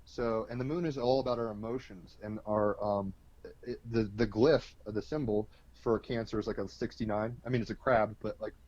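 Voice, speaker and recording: A man's voice: on the low side, fairly even intonation, moderate pace, a little mellow, no echo, highs cut off. A man explaining astrology as an interview guest, in a loose, colloquial way full of fillers and the odd swear word. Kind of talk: casual explanatory interview talk.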